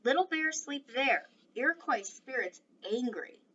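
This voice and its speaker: A proud, stern tiny warrior man, put on by a woman reading a storybook aloud speaks in loud, clipped broken phrases. The voice sits high and bright. It comes from some way off the mic, dull and lo-fi with a faint hiss behind. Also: expressive, measured pace, distant mic, exaggerated voice.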